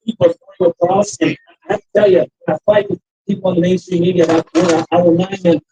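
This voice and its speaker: A man giving a political rally speech at a restaurant campaign stop, telling anecdotes in an animated way and acting out the voices he quotes. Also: high-pitched, fast talker, slight background noise, poor audio. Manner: animated storyteller who acts out the quoted voices.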